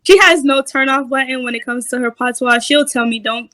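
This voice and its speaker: A woman being interviewed about her dance career, telling stories in an animated, casual way and acting out the voices of others. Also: high-pitched, brisk, dry recording. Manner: animated storytelling, acts out quoted voices.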